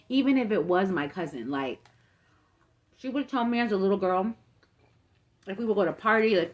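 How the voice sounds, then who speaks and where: A young woman in a casual mukbang storytime, chatty and full of fillers, acting out the people she quotes. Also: lowish voice. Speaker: mukbang vlogger. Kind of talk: casual storytime while eating.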